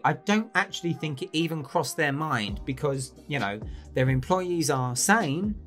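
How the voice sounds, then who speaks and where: Sweary, animated ranter. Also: male voice, a little high. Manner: sweary, sarcastic, mocking outbursts. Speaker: host. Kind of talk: comedic rant.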